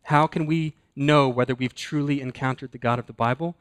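A man's voice: mid-range voice, steady tone, smooth. Earnest man preaching a sermon. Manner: earnest, slows and drops to a hush for emphasis. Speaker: pastor.

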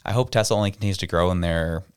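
A man's voice: low voice, very fast, clean tone, no room sound, clean studio sound. A man co-hosting a podcast, chatting casually and acting out the people in his stories. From Canada. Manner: storytelling, acts out quoted people. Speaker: podcast co-host. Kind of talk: casual chat.

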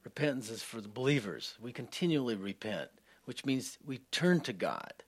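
An earnest male pastor delivering a sermon, his mid-pitched voice sitting in the middle of the usual male range. He presses hard on key lines, then drops to soft, near-hushed passages. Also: sing-song, moderate pace, husky.

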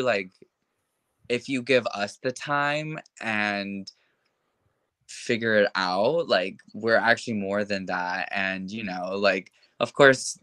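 A man's voice: on the low side, pushed and bright, no room sound. A young man in a casual interview, talking frankly with lots of fillers like "like" and "you know". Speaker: interview guest. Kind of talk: casual conversation.

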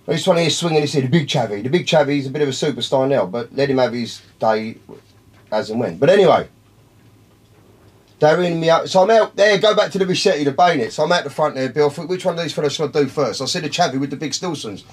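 A man's voice: on the high side, expressive, fast, breathy edge. A man, telling a long, profane story in casual talk, rambling and calling his listeners by name. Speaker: podcast guest.

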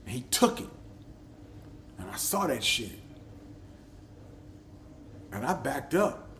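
A middle-aged man hosting his own podcast, telling stories in a loose, profane, animated way. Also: mid-range voice, takes it slowly, slight background noise. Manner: animated storyteller who acts out quotes. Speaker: podcast host. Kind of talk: casual podcast monologue.

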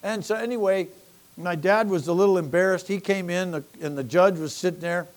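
High-voiced older preacher telling folksy stories. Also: male voice, a little fast. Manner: folksy storytelling, animated quoted voices. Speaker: pastor. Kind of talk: sermon.

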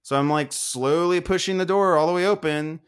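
A young man co-hosting a casual podcast, ranting in a profane, animated way. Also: a little high, normal speed, smooth. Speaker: podcast co-host.

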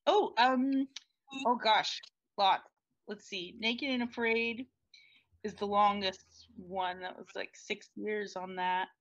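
A woman who works in television, a podcast guest in bright, chatty casual talk. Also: mid-range voice, steady tone, slow pace. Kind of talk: casual chat. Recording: dry, dull lo-fi sound.

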